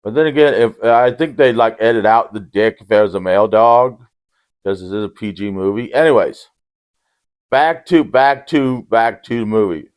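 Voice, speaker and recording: Rambling deadpan man recapping a movie. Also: fairly low pitch, normal speed, smooth. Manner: rambling, deadpan, self-correcting restarts. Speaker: movie reviewer. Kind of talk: casual film recap with jokes.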